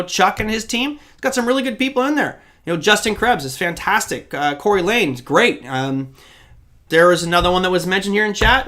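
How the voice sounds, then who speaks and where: A man's voice: high-pitched, bright, forceful tone. A man hosting a live trading show, answering viewer questions in a chatty, rambling way with asides to the chat. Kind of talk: live-stream Q&A.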